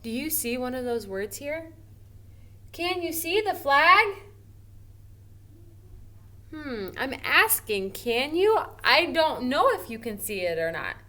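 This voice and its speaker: A woman teacher walks young children through a grammar lesson at a leisurely pace. Her voice is bright and fairly high, and she stretches out her example sentences with expressive, encouraging emphasis. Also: a little slow, hardly any pauses. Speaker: first grade teacher. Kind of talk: recorded online grammar lesson. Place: home or classroom at a smartboard.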